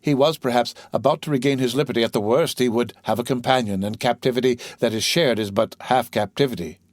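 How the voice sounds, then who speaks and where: A man narrating a classic novel as an audiobook with a steady, even reading. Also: mid-range voice, quick pace, no echo, clean studio sound.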